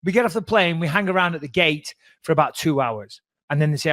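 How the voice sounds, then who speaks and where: A man co-hosting a podcast, telling a story in a casual, animated way, swearing freely and acting out the voices of the people he quotes. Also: fairly high pitch, fast talker, dry recording. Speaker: podcast co-host.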